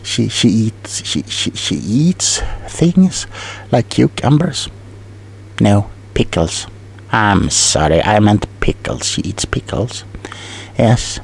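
A man's voice: on the low side, lively intonation, takes it slowly, gravelly, slightly rough, exaggerated voice. A man playing a rambling, scatterbrained tingle salesman in a whispered role-play, stumbling over his words. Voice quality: soft whispering. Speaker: ASMR role-play performer.

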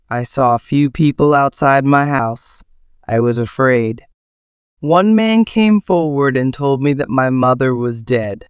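A man reads a first-person story aloud at an unhurried, careful pace. His voice is smooth and clear and sits mid-range. The sound is dry and close, with no room around it. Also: mid-range voice, dry recording. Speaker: story narrator.

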